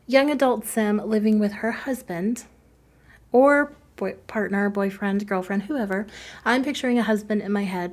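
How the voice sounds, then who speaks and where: A woman's voice: medium pitch, a little mellow. A woman talking casually over her own game-building footage, chatty and self-deprecating, laughing often between thoughts. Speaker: game build video creator.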